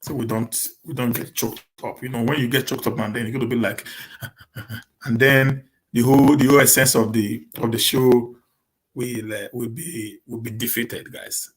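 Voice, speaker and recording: A man with a Nigerian accent chatting casually to his live-stream viewers, talking quickly and often repeating and restarting words as he mixes in pidgin. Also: mid-range voice, steady tone. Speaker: live-stream host answering viewer questions.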